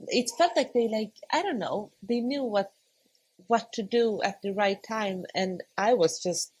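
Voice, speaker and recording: Husky woman telling a birth story. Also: mid-range voice, unhurried, rough recording. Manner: laughs often, animated quoting of herself. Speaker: podcast guest. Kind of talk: conversational storytelling.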